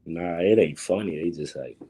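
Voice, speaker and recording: Teen male interviewee, New Orleans accent, very low husky voice, laid-back short answers. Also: normal speed, mellow. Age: teens. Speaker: basketball recruit.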